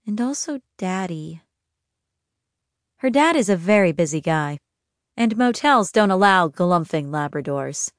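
A woman narrating an audiobook in a gentle, even storytelling manner. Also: lowish voice, no room sound, studio quality. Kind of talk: scripted narration.

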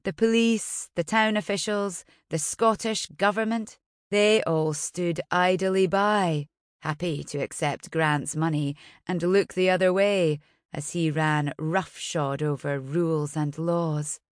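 A woman reading a novel aloud as an audiobook narrator, in a measured, somber way. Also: lowish voice, steady tone, dry recording, studio quality. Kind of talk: scripted narration.

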